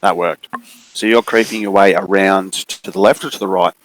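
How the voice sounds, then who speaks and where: A man running a tabletop game as game master, describing scenes in an unhurried, hesitant way with many fillers. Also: low voice, fairly even intonation, no room sound, low-quality recording.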